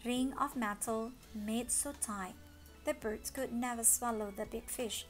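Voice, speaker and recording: A woman reading a children's story aloud, expressive with dramatic gasps. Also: on the high side, measured pace, faint music behind. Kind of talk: children's read-along story.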